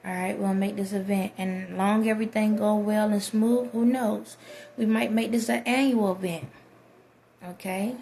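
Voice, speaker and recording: A woman's voice: medium pitch, mellow, slight background noise. A woman vlogging a motivational talk to her viewers from someone else's house, in a preachy way, checking in with "okay?" again and again. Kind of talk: motivational monologue to camera.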